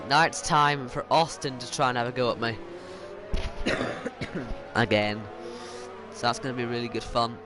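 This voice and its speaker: A man commentating live on his own online racing game, self-mocking and exasperated as things go wrong around him. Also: medium pitch. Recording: game engine noise behind. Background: racing car engine noise.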